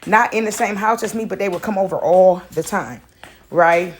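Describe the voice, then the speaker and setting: A woman's voice: mid-range voice, normal speed. A woman, out of breath, chatting casually in a spiritual vlog and often asking "right?". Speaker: vlogger. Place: in a house with her dog.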